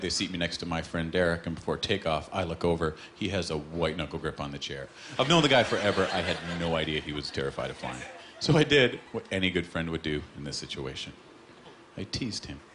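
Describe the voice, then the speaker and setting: Stand-up comic, noisy live club. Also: male voice, deep voice, expressive, fast talker. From Canada. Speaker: stand-up comedian. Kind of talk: stand-up routine. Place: comedy club stage.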